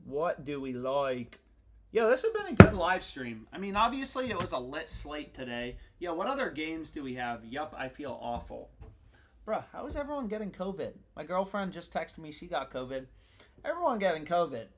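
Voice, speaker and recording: A man's voice: fairly high pitch, sing-song, normal speed, slight background noise. A young man chatting casually on a live stream about sports bets, slangy and profane, rambling from thought to thought. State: annoyed.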